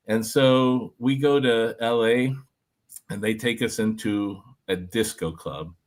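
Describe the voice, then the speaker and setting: A former reality show contestant, a man, telling an animated story to a group, talking with lots of fillers and "like". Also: mid-range voice. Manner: energetic, filler-heavy, lots of "like".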